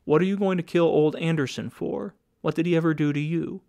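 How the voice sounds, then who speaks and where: A man's voice: a little high, steady tone, fairly quick, vocal fry, mellow, no room sound, studio quality, voice pushed up. A man voicing a young lunch-counter worker who answers with guarded questions.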